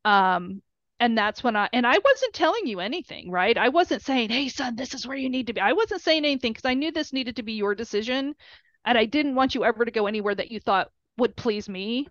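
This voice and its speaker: A woman's voice: on the high side, expressive, brisk, fairly bright tone, no echo, muffled recording. A middle-aged woman, a mother, telling a story casually and emotionally, with many fillers and quoted dialogue. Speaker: mother of a college football player.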